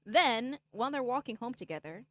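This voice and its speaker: A woman's voice: fairly high pitch, expressive, fairly quick, fairly bright tone, no room sound, clean studio sound. A woman streamer casually recapping a game's story for viewers, rambling with lots of "like" and "okay?" and acting out the characters' lines. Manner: acts out characters' lines in the retelling.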